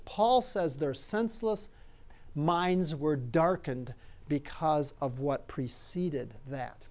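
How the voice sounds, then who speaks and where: Man, pastor, sermon, emphatic, conversational, repeats phrases, slightly higher voice. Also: expressive, takes it slowly, darkish tone.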